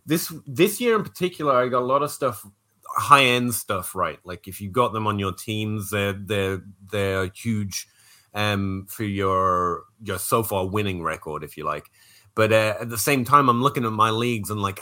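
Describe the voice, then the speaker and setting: A man with an English accent, a guest on a casual podcast, talking in an animated, self-deprecating way and laughing at himself. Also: fairly low pitch, moderate pace. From England.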